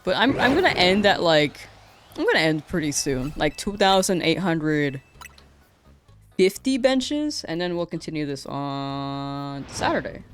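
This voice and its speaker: A worn-out game streamer chatting loosely on a live stream, right up on the mic. They ramble, trip over their words and laugh things off, in a middle-pitched voice. Faint game music plays underneath. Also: lively intonation, unhurried. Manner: rambling, self-correcting, laughs often. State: tired after a long stream. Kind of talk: casual live-stream chat. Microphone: close to the mouth.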